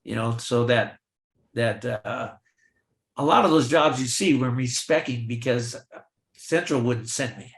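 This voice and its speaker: Older man telling animated stories, roomy sound. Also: mid-range voice, unhurried, gravelly. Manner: lively anecdotes, acts out quoted dialogue. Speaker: guest, veteran film extra. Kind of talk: storytelling in a virtual Q&A. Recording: roomy echo.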